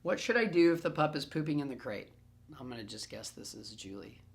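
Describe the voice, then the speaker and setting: A lively man coaching a group through dog-training questions, speaking in a middle pitch. His talk is playful and he repeats key phrases for emphasis. He records himself on his own camera. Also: brisk, gravelly. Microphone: self-recorded camera.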